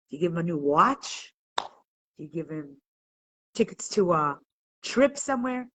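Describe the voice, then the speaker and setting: A woman's voice: fairly low pitch, husky, low-quality recording. A woman leading a live online class, speaking with emotion and building to emphatic peaks, sometimes stumbling and repeating words when moved. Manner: impassioned, rising to emphatic peaks.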